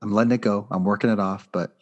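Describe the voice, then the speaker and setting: A man's voice: lowish voice, steady tone, fast, dull audio. A man co-hosting a casual sports talk show, ranting in a fired-up, profane way. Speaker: podcast co-host.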